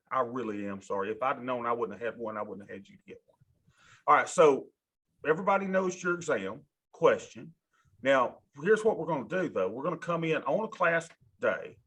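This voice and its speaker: A man lecturing a college class, animated and folksy, talking straight to his students in a classroom. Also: a little high, husky. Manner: animated, talks to students directly, folksy asides. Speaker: college instructor.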